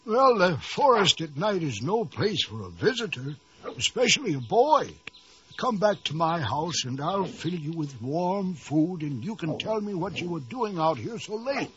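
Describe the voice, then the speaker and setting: A man playing a kindly, courteous gentleman doctor, gentle and reassuring. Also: a little high, sing-song, unhurried. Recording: dull lo-fi audio.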